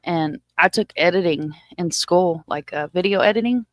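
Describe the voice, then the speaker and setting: A woman's voice: fairly low pitch, moderate pace, no room sound. A woman hosting a livestream, chatting loosely with jokes and casual swearing. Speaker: channel host.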